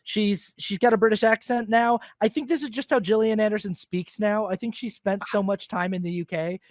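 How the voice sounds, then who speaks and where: A man's voice: high voice, steady tone, brisk, dry recording, clean studio sound. A man co-hosting a film podcast, talking through a movie in a rambling, casual way full of "like" and laughs. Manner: chatty, rambling, lots of "like" and laughs. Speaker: podcast co-host. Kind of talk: casual film review chat.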